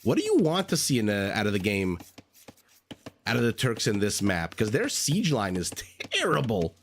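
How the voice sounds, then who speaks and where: A man's voice: fairly low pitch, wildly swooping pitch, normal speed, a little hiss or hum. A man recovering from a cold, chatting through live game commentary, thinking aloud and greeting viewers. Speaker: game caster. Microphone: desk microphone.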